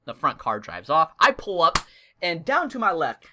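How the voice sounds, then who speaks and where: A young man hosting a vlog, telling a funny story in an animated, comic way. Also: on the high side, normal speed, background noise. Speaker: gaming channel host.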